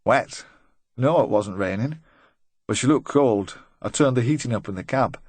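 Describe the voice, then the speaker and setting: A man's voice: mid-range voice, lively intonation, normal speed, a little mellow, husky, no echo. A man voicing a nervous, talkative middle-aged van driver who rambles and tries to joke his way through questioning. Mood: chatty, uneasy. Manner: rambling, eager to please, forced joviality.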